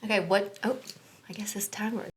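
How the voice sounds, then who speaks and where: A woman's voice: medium pitch, steady tone, a little fast. A woman interviewing her friend in a casual podcast chat, playful and teasing, with frequent laughs. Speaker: guest interviewer.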